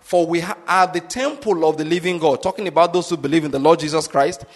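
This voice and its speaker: A male pastor preaching with insistent emphasis, often pausing to ask whether the congregation is following. His voice sits a little high for a man. The sound carries a long, hall-like reverb. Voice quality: emphatic, drives points home with repeated check-in questions. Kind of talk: sermon.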